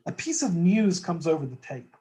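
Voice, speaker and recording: A man's voice: a little high, big pitch swings, moderate pace, mellow, poor audio. A man as a guest in a conversational market discussion, talking thoughtfully with frequent restarts and tag questions.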